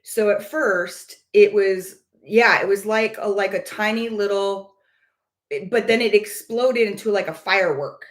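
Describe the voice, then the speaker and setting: Speaking a little slowly in a mid-range voice, a vlogger casually shares a personal experience with her viewers. She's earnest, often hunts for the right word, and repeats phrases along the way.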